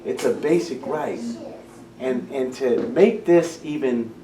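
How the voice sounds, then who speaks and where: In a school meeting room, the founder of a community program speaks passionately to parents, often restarting his phrases. He has a warm, mid-range voice and takes his time, and the recording is echoey, from a distant mic with a faint hum.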